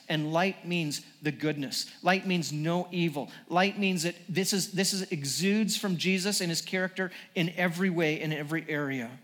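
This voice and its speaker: A man's voice: sits high, a bit bright, long reverb tail. A male pastor preaching a sermon to a congregation, earnest, with frequent restarts as he builds toward each point.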